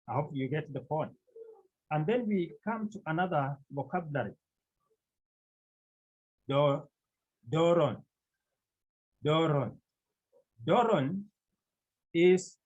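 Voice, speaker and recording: Very slow, husky teacher. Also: medium pitch, a little mellow. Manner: repeats each word several times for drilling; patient step-by-step explaining. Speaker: Greek language teacher. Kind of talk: classroom lesson. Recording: dull lo-fi recording.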